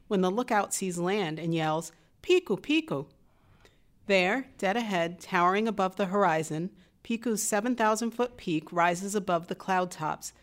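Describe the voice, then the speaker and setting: A woman with a somewhat low voice reads a museum audio-guide script. Her delivery is measured and steady, the polished pace of scripted tour narration.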